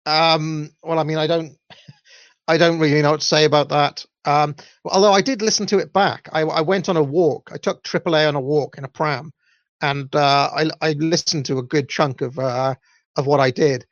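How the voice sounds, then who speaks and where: A man's voice: fairly even intonation, normal speed, dry recording. A young adult man with a Welsh accent, hosting a show and chatting casually through listener comments, with lots of ums and uhs. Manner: rambling, full of ums and uhs. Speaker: podcast host. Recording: dull, low-fidelity audio, dry.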